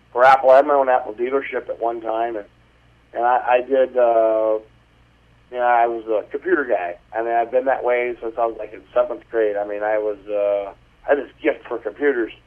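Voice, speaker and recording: A man of middle pitch, rambling through stories with folksy, salty language. He is calling in to the interview. The sound is thin and phone-like. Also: steady tone, fairly quick. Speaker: guest, pig farmer. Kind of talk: casual phone interview storytelling. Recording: tinny phone line.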